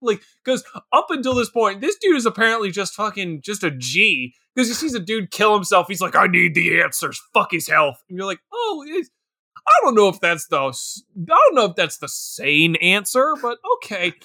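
A man's voice: high voice, fairly quick, few pauses. A man co-hosting a podcast, bantering and laughing as he mocks the characters with exaggerated impressions. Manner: animated, laughing, mocking impressions. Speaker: podcast co-host. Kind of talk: casual banter.

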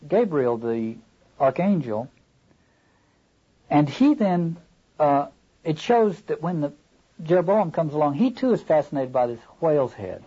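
A man lecturing on a novel in a thoughtful, halting way, often stopping to read passages aloud, on a dull lo-fi recording. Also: a little high, warm tone, husky. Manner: thoughtful, halting, rereads quoted lines aloud. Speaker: literature lecturer.

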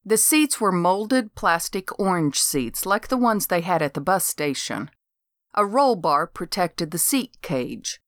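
Slow, low-voiced woman narrating with dry wit. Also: sing-song, no echo. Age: older. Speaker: audiobook narrator. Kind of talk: first-person comic novel narration.

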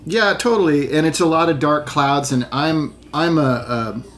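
A man with a slightly high voice talks on a video call, open and self-deprecating about his low mood. He trips over his words and restarts sentences often, in a loose, candid chat. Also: moderate pace, a bit bright, a little hiss or hum. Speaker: actor. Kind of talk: casual chat.

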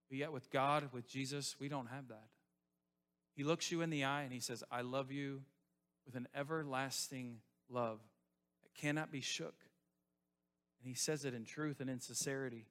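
A pastor delivers a sermon to his congregation in a fairly high male voice. He repeats key phrases for emphasis. His delivery swings between loud, rising appeals and soft, hushed passages.

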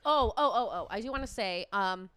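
A woman's voice: medium pitch, expressive, moderate pace, fairly bright tone, clear, resonant tone. A woman co-hosting a podcast in casual chat, sounding nasal from a cold and laughing often. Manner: giggly, chatty, laughs often. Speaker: podcast co-host.

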